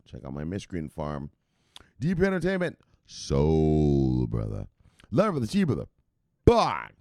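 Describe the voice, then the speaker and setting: A man hosting a crypto livestream from home, cursing freely, laughing often and shouting at his viewers. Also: very deep voice, huge pitch swings, unhurried, no room sound, clean studio sound. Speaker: crypto news host. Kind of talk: casual livestream rant.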